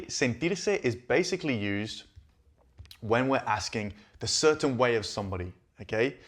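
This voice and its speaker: A man hosting a Spanish lesson, explaining each line and checking in with listeners often. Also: mid-range voice. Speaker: Spanish teacher and channel host. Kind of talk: language lesson.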